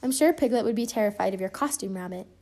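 A woman voicing a gentle, thoughtful male bear in a read-aloud storybook. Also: mid-range voice, animated, fast. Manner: soft and thoughtful. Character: gentle, kindly male bear, loyal friend.

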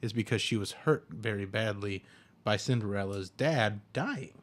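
A man co-hosting a casual comedy podcast, joking around and breaking into loud shouted impressions. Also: fairly low pitch, moderate pace. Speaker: podcast co-host. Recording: uneven podcast audio.

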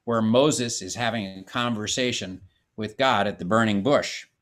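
A man giving a measured, explanatory Bible course lecture, reading passages aloud and explaining them. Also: on the low side, a bit bright. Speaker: Bible teacher. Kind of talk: classroom lecture on scripture.

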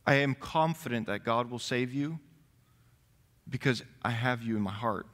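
A man's voice: mid-range voice, normal speed, fairly bright tone. A man pastor giving a sermon, reading scripture aloud and stressing key words. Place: church sanctuary. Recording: long reverb of a church hall.

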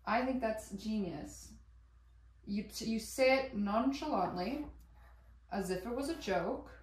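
A woman chatting while she cooks at home, rambling and excitable, swearing casually and laughing as she goes. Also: fairly high pitch, unhurried. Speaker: vlogger. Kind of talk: casual cooking vlog chat. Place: home kitchen. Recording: echoey room, voice a bit far from mic.

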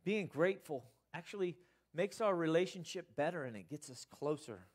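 An earnest pastor delivers a sermon at a moderate, expressive pace. His volume swings as he rises to emphatic bursts and then drops low again.

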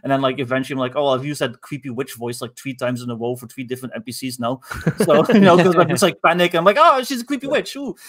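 A man's voice: medium pitch, fast. A man on a gaming panel in casual chat, self-deprecating, laughing often and saying "like" a lot.

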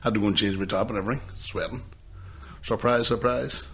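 A man's voice: fairly low pitch, steady tone, a little fast, fairly bright tone, husky. A man co-hosting a podcast, telling sweary stories in casual chat with bursts of laughter. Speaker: podcast co-host.

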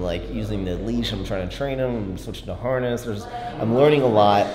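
A man's voice: lowish voice, reverberant, big-room sound. A young man vlogging casually, talking in a loose, rambling way with lots of "like" and restarts. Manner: rambling, filler-heavy, self-interrupting. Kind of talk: casual vlog chat. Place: large warehouse indoors.

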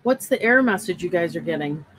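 A woman's voice: on the low side, lively intonation, quick pace, fairly bright tone, a little hiss or hum, low-quality recording. A woman running a live online sale, reading viewer comments aloud and calling out bids. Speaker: live auction seller. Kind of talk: live-stream auction chat.

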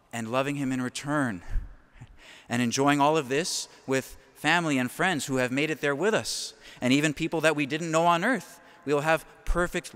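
A man, a priest, giving a homily in an earnest, animated way, with quick asides. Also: on the high side, long reverb tail.

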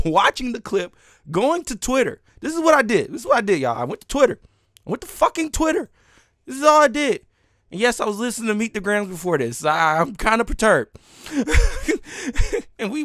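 A man's voice: sits high, pushed and bright, dry recording, clean studio sound. A man ranting live as a streamer, heated and swearing, with laughs breaking in between lines.

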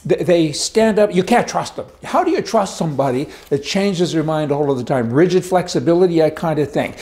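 A man's voice: fairly high pitch, expressive, brisk, a little mellow. A middle-aged Canadian man delivering an indignant, rambling opinion monologue as a commentary host, stumbling and repeating himself.

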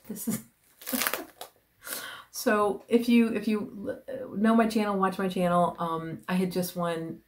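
A woman vlogger chatting casually as she unboxes gifts on camera, gushing and often dropping into breathy whispers of delight, rambling with restarts. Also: mid-range voice, level tone, takes it slowly, long pauses, a little hiss or hum. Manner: rambling with many restarts and fillers. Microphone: camera mic.

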